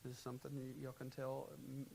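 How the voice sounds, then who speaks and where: A man preaching a sermon in a church, animated, shifting between quiet, calm advice and loud, acted-out quotes. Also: medium pitch, quick pace, creaky, poor audio. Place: church sanctuary. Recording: faint hiss, live church recording.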